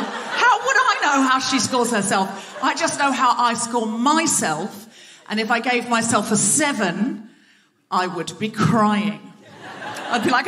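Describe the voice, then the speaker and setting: A woman's voice: a little high, big pitch swings, normal speed, pushed and bright. A woman hosting a live comedy podcast from a theatre stage, bantering playfully with the audience and mocking herself. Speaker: host. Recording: live theatre recording with clicking noise.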